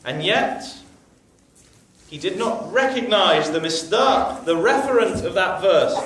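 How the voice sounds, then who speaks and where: A man's voice: high voice, lively intonation, slow, a bit bright, recorded from a distance. A man preaching a sermon, telling a story with emphasis and religious phrases, recorded in a large, very echoey hall with his voice off-mic.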